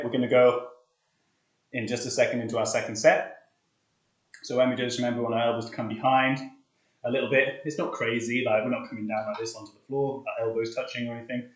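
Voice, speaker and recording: A young man coaches a live push-up workout from a hot flat, chatting loosely between sets and counting reps aloud. He sounds out of breath, and his voice of middling pitch rings in an echoey room. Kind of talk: casual live-stream workout instruction.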